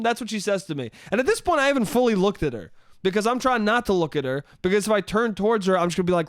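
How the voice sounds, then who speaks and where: Young man, high voice, animated cursing storyteller, solo podcast, dry close mic. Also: rapid-fire, no room sound. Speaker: podcast host.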